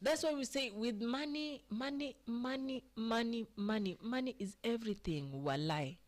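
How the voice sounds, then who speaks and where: A woman's voice: on the high side, moderate pace. A woman with a Kenyan accent hosting a casual live stream, chatting with viewers by name and often asking "eh?". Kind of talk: casual live chat mixing English and Swahili.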